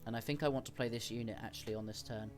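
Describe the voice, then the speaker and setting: A man's voice: medium pitch, fairly even intonation, rapid-fire, music in the background. A man streaming a card game, explaining each decision as he thinks aloud. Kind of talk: casual gameplay commentary.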